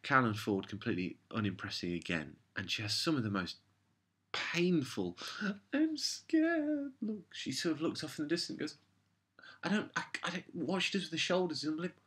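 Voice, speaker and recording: Exasperated husky-voiced man reviewing. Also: mid-range voice, fast talker, fairly bright tone. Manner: exasperated, rambling, sarcastic. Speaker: show reviewer. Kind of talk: casual review monologue.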